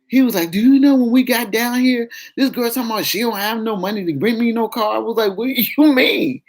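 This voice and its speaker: A woman telling a personal story to her viewers in a casual chat, acting out the quoted voices by pitching up. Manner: animated, acts out quoted voices with raised pitch. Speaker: vlogger.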